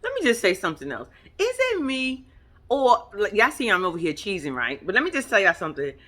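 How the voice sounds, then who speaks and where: A woman recapping a reality show in casual chat, with animated, profane, laughing commentary that addresses her viewers directly. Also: mid-range voice, fairly quick.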